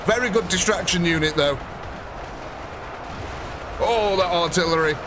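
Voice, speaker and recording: A man's voice: high-pitched, a little slow, background noise. A man hosting a live gameplay stream, chatting casually and joking with viewers as he commentates. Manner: chatty, jokey, reads out viewer names. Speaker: livestream host. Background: game music.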